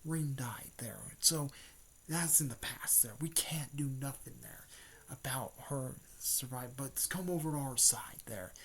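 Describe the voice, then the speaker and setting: A man voicing an earnest young male hero pleading with his enemy, half-whispered and halting. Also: mid-range voice, fairly bright tone, slight background noise, pitched above the performer's own voice.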